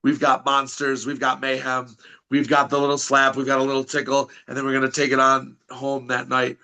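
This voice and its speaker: A man's voice: mid-range voice, monotone, brisk, bright, forceful tone, low-quality recording. A man chatting as a podcast guest, brash and swearing, talking up his wrestling events while losing his voice. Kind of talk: casual chat.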